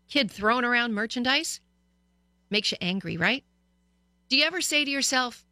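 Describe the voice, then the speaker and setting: A middle-aged woman hosts a radio talk show in a candid, conversational monologue. Her voice is bright and forceful. The studio sound is dry and close. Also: on the high side, no echo. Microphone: studio microphone.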